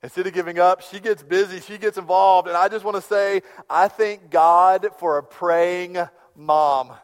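A middle-aged man preaching a sermon as a pastor, telling stories with big swings from hushed to loud. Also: sits high, fairly even intonation, measured pace, clean tone. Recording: long hall reverb.

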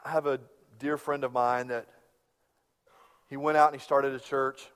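Middle-aged pastor preaching in a reverberant hall. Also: male voice, mid-range voice, normal speed, smooth. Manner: animated storyteller, swings from hushed to loud. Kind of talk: sermon.

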